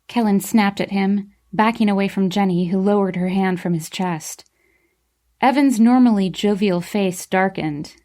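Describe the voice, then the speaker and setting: A young woman narrating a novel in the first person, in a mid-range voice. Her reading is expressive and emotional, carrying the feelings of the story. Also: mid-range voice, moderate pace. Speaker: audiobook narrator.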